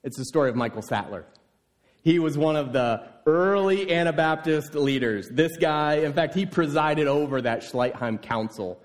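A man preaching a sermon, telling a scripture story with lively, voiced exclamations. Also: fairly high pitch, moderate pace.

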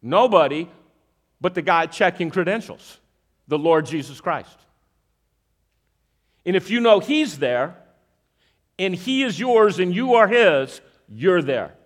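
Slow and given to frequent pauses, a high-voiced man preaches using a magic trick as an object lesson. He stays animated, regularly checks in with and questions the audience, and repeats verses for emphasis.

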